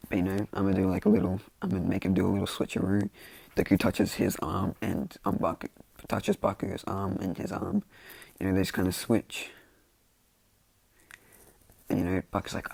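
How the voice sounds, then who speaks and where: Casual storyteller, man, low and gravelly, rambling with endless fillers. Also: steady tone, brisk, darkish tone, dry recording. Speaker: fan storyteller.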